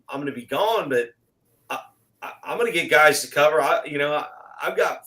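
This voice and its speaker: Middle-aged man, bright tone, animated storyteller who acts out the dialogue himself. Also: on the high side, a little fast, poor audio. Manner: animated, acts out quoted exchanges. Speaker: guest. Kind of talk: casual storytelling chat.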